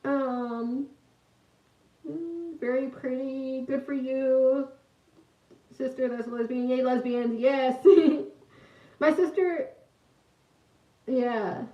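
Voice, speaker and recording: A woman's voice: high-pitched, very slow, long pauses, dark tone. A young woman livestreaming, telling a story in a rambling, giggly way and greeting viewers in chat. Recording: echoey room, mic at a distance, dull lo-fi sound.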